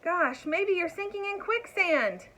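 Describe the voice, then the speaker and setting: A woman's voice: very high voice, expressive, measured pace, bright, forceful tone, pitched above the performer's own voice, full character voice, rough recording. A woman voicing a brave, practical little boy in a storybook reading, with an eager, exclaiming delivery. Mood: urgent.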